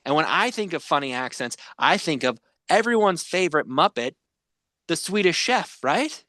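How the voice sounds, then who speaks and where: A young man hosts a casual podcast chat, rambling and filling gaps with "you know." His pitch swings lively and runs a bit high for a man. The sound is dry and close. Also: normal speed, no echo. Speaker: podcast host.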